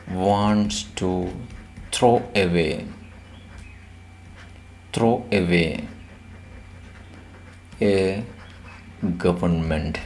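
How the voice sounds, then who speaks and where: A male teacher, explaining a poem to his class. He talks slowly and deliberately in a lowish voice, repeating and stressing the key words so students catch them. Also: darkish tone, a little hiss or hum. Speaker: English teacher.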